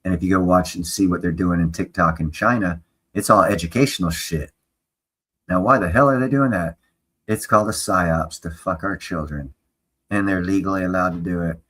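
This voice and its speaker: A man's voice: sits low, moderate pace, fairly bright tone. A man chatting on a casual livestream, blunt and opinionated, swearing freely.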